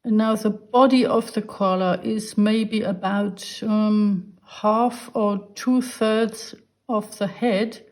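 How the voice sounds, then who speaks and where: A woman's voice: medium pitch, fairly even intonation, slow pace, a little mellow. A woman giving a drawing lesson, patiently explaining each step while she draws. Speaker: art teacher.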